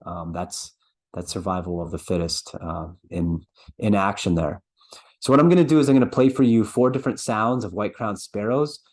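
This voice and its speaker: Male presenter, lower register, casual lecturing style with filler words. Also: normal speed, a little mellow. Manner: conversational, explanatory, with many fillers and restarts. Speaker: birding presenter.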